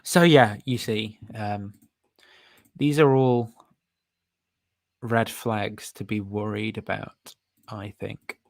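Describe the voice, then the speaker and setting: A man's voice: fairly low pitch, fairly even intonation, takes it slowly, gravelly, long pauses, dry recording. A man hosting a casual livestream, rambling and thinking aloud with frequent fillers and self-amused laughs. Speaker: host.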